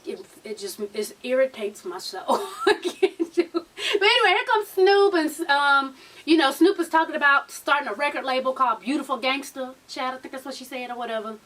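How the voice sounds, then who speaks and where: High-voiced sassy Southern woman recapping. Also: fairly bright tone, distant mic. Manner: blunt, profane, sassy commentary. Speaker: TV recap vlogger. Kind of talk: casual reality TV recap.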